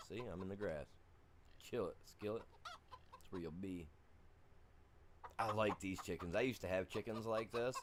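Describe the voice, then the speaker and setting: Over a noisy background, a low-voiced man plays a farming game on stream. His talk with chat wanders loosely and is peppered with "you know."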